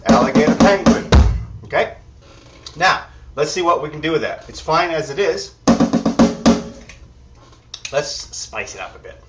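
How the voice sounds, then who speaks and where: An easygoing male drum teacher gives a lesson in a drum kit room, counting beats aloud, demonstrating and thinking out loud. His voice is on the high side and measured, with frequent pauses. The distant mic makes the sound dull, with loud drums and music in the background.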